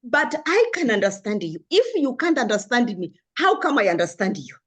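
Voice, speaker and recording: A woman's voice: a little high, very animated, normal speed, a bit bright, breathy edge. An older woman from Africa, speaking as a panelist in a discussion, passionate and earnest, with frequent restarts.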